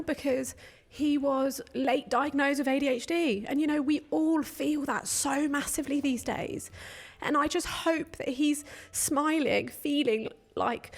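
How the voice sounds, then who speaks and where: A woman co-hosting a retreat, answering an audience question in a live Q&A, tearful and crying as she speaks, heartfelt and open. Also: sits high. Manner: heartfelt, open, quick bursts of emotion. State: tearful, crying while talking. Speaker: retreat co-host.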